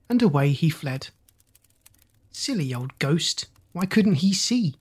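Brief: children's poem reader, steady rhyming cadence, dips into whispers. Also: medium pitch, slow pace, husky. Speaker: storyteller. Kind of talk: reading rhyming children's poems.

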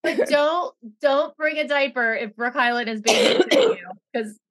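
A woman's voice: high-pitched, animated, normal speed, a bit bright. A woman co-hosting a casual podcast who chats with wisecracking, sarcastic asides. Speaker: podcast co-host.

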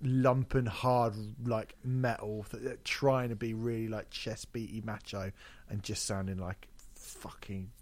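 A man's voice: lowish voice, level tone, a little slow, darkish tone. A man on a podcast, casually chatting about an album, sweary and sarcastic, laughing often. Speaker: podcast co-host. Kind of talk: casual chat reviewing an album.

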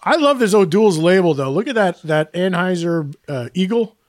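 A man's voice: high voice, animated, moderate pace, no echo, clean studio sound. A man co-hosting a podcast, telling rambling, self-deprecating stories and laughing often. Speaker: podcast co-host. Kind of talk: casual chat.

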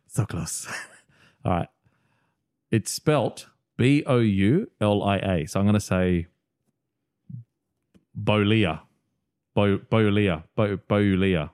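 A man's voice: fairly low pitch, slow pace, pauses often, darkish tone, clean tone, no echo, clean studio sound. An Australian man co-hosting a podcast, joking and laughing through casual chat with friends. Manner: joking, playful, laughs often. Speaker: podcast co-host.

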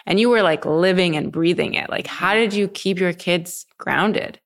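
A young woman hosts a relaxed interview in a very low voice with lots of vocal fry. She talks in a chatty, loose way, filling her sentences with casual likes. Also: moderate pace. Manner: chatty, many filler likes. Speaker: host. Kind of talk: casual chat.

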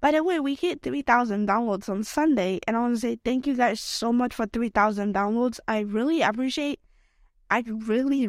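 A woman's voice: medium pitch, no room sound, clean studio sound. Unwell young woman rambling on a podcast. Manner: rambling and emotional, lots of "like" and "okay?". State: unwell, voice affected by illness. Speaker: podcast host. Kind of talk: solo podcast rant.

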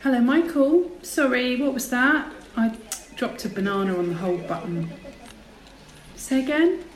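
A woman's voice: fairly high pitch, expressive, measured pace, echoey room, heavy background noise. An actress playing a scatterbrained, blunt female talent agent in a radio comedy. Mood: breezy.

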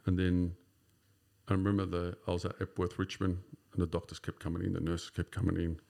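A man in his fifties with an Australian accent and a very low voice, telling his story as a podcast guest. His voice has a rough, gravelly texture. He rambles casually and leans on "sort of" and "you know". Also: level tone, brisk, mellow. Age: 50s.

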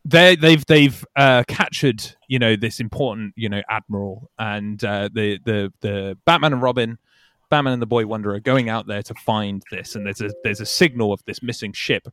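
A man's voice: lowish voice, moderate pace, fairly bright tone, no room sound. A British man co-hosting a film podcast, chatting casually and enthusiastically, often laughing and acting out scenes. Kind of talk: casual chat.

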